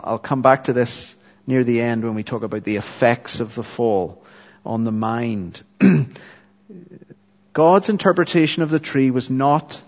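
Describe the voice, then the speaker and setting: Earnest male preacher in a reverberant hall. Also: medium pitch. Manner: earnest teaching with filler ums and ahs. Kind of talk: expository sermon. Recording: dull, lo-fi hall recording.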